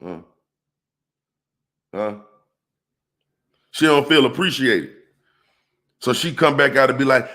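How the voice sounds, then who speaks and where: A man giving an animated monologue on relationships, calling out to his viewers like a preacher and asking rhetorical questions. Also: medium pitch, takes it slowly, long pauses. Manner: preacher-like call-outs to the audience. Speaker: relationship commentator.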